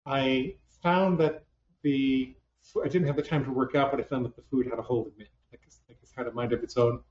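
Racing along with fairly even intonation, this psychologist has a mid-range, darkish voice as he talks conversationally before a live hall audience. He pokes fun at himself and restarts often, in a distant, roomy, dull lo-fi recording.

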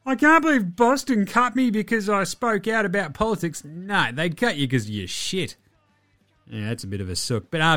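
An Australian man hosting a sports podcast, ranting in a profane, animated, mocking way. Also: fairly high pitch. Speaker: podcast host. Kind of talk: opinionated sports podcast rant.

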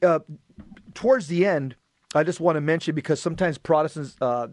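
A man's voice: fairly high pitch, a little fast, no echo, studio quality. A man hosting a show, earnestly reading and explaining scripture in a teaching manner. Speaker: host.

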